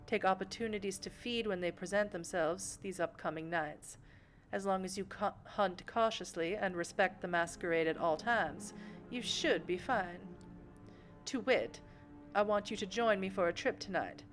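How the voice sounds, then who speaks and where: A woman voicing a poised vampire patroness in a put-on Southern US accent, speaking in a measured, instructive way. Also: mid-range voice, faint music behind, natural voice.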